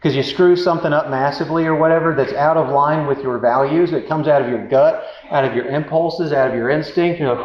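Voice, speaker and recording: A man's voice: fairly high pitch, moderate pace. A man giving relationship advice through a casual, candid story, self-deprecating and rambling with many fillers. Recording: roomy, dull sound with faint noise.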